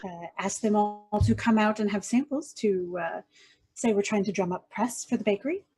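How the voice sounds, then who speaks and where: A woman playing a tabletop game, hesitant with many pauses and fillers. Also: mid-range voice, warm tone, breathy edge. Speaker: player. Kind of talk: tabletop role-play.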